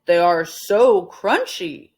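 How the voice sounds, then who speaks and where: A brisk, bossy middle-aged husband, as a woman puts him on in a read-aloud storybook. He gives hearty orders in a slow, lively voice that swings up and down. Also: medium pitch, vocal fry, exaggerated voice.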